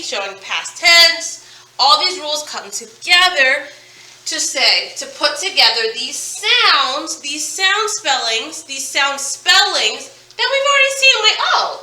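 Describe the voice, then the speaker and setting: A woman teaching a phonics lesson in an upbeat, chatty way, slowly modeling words for her class. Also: high voice, sharp tone, recorded from a distance. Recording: echoey room, voice a bit off-mic.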